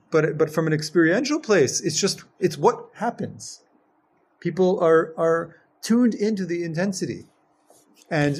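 A man teaching a Jewish text class, reading Hebrew passages quickly and then explaining them, often building to emphatic, stressed phrases. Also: a little high, husky. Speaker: Torah teacher.

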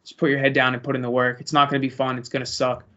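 A young pro fighter answers interview questions casually, rambling in an easygoing manner. His medium-pitched voice is flat, very fast, and a bit bright, and the audio is lo-fi and muffled.

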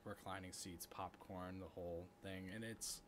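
Animated man on a casual podcast. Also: deep voice, normal speed, slight background noise. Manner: animated, gets louder when worked up. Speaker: podcast co-host. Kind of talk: casual chat.

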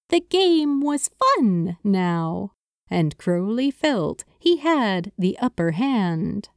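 A woman reading a story aloud at an unhurried pace, her pitch rising and falling freely. The sound is dry and close, with no room around it. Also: sing-song, a little mellow, no echo. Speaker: narrator. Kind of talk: audiobook narration of fan fiction.

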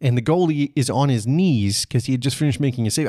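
A podcast host from Canada tells a personal story in a laid-back, chatty way. He keeps his voice at a middle pitch, laughs now and then, and drops the odd curse word. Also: fast. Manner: relaxed and conversational, chuckles often, swears casually. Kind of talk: casual personal storytelling monologue.

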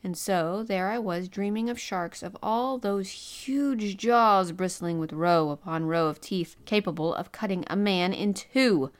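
A woman reads a classic novel aloud in a first-person narrator's voice. Her voice sits in a middle register, and she turns expressive on the narrator's own lines. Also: medium pitch, a little slow, hardly any pauses. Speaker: audiobook narrator. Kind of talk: scripted narration.

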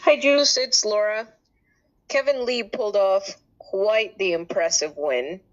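A woman caller leaving a measured question in a plain manner. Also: mid-range voice, highs cut off. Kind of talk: recorded voicemail question.

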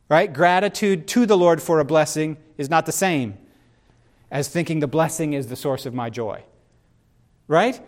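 Middle-aged guy preaching, higher pitched voice, animated and talky, keeps checking in with listeners. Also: measured pace. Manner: animated, conversational, with asides to listeners. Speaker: pastor. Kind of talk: sermon.

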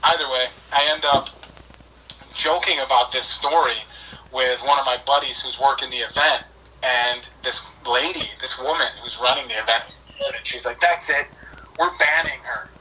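Bright-voiced man telling a story from afar. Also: mid-range voice, normal speed, slightly rough, far from the mic, low-quality recording. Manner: animated, chatty, full of "like" and "I was like". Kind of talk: casual storytelling.

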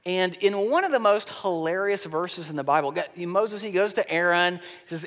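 A male pastor preaching a sermon, telling scripture stories with animated swings in pitch and loudness. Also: moderate pace, long reverb tail.

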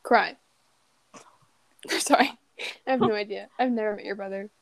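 A teenage girl co-hosting a casual chat podcast, giggly and quick to apologize. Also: mid-range voice, steady tone, gravelly, no echo. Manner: giggly, lots of laughing and apologizing. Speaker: podcast co-host.

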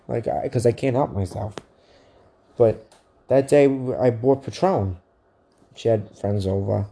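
A man co-hosting a podcast, telling a profane, animated story in casual chat. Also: medium pitch, normal speed. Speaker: podcast co-host.

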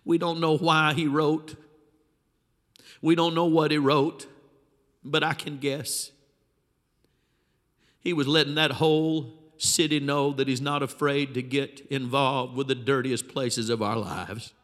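A pastor delivers his sermon with animated, dramatic storytelling, his high voice carrying a bright, forceful edge. His words ring through a large church hall with a long, trailing reverb. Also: takes it slowly, long pauses.

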